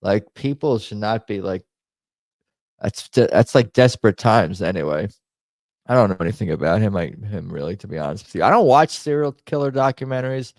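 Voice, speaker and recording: A man's voice: on the low side, darkish tone, no room sound. A man hosting a casual live stream, chatting and rambling with many fillers and restarts. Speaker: stream host. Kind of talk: casual stream chat reacting to memes. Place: home.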